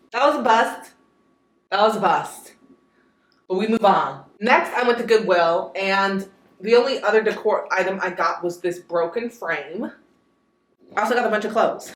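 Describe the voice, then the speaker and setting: A woman's voice: mid-range voice, fairly bright tone. A young woman, chatting casually to viewers in a vlog and calling them y'all. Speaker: vlogger. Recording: roomy echo.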